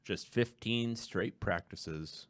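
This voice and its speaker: A man in his thirties co-hosts a podcast with wry, deadpan jokes. His voice sits low and sounds close and dry in the studio. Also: slow pace, no echo. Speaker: podcast co-host. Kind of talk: casual chat.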